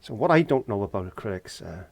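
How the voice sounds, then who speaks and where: Working in his garden shed, a Welsh painting tutor gives a casual lesson, joking and muttering to himself as he goes. He speaks fast and very animatedly in a lowish voice with vocal fry, and there's no echo.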